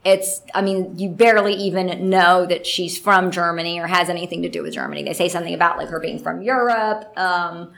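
A woman voice actress telling stories in a casual interview, chatty and animated, with plenty of fillers. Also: on the low side, brisk, vocal fry, few pauses.

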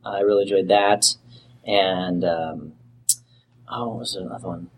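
A man's voice: sits low, steady tone, a little hiss or hum. A voice actor being interviewed, a man who talks in a playful, joking way and laughs easily. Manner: playful, jokey, quick to laugh. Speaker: voice actor guest. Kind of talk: casual interview chat. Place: convention.

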